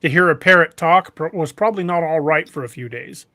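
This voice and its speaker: A man hosting a casual podcast conversation, halting and often restarting his sentences. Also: on the high side, sharp tone, no echo. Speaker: podcast host.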